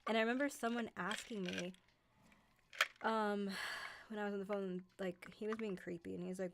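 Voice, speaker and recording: A woman's voice: mid-range voice, steady tone, moderate pace, gravelly, slight background noise. Chatty woman with a light New York accent. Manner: chatty, many fillers like "like" and "um". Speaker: host of a horror narration channel. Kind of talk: casual livestream chat with viewers.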